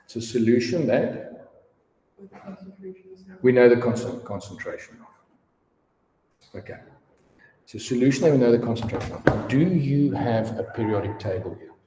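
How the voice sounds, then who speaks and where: A man's voice: medium pitch, moderate pace, pauses often, dark tone, a little hiss or hum. A man in his fifties teaching a class, chatty and given to storytelling asides. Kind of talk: classroom lesson. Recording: echoey room with long reverb.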